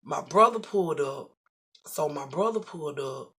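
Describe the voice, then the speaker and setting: A middle-aged vlogger telling a story to the camera in a casual, animated and profane way, acting out the voices in the story. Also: mid-range voice, moderate pace, husky.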